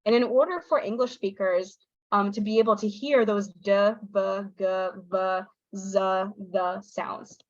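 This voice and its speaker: An American woman, a young adult, giving an online talk to English teachers, lively and acting out intonation patterns as she explains them. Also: measured pace, no room sound, highs cut off. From United States. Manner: lively, demonstrates intonation with exaggerated pitch.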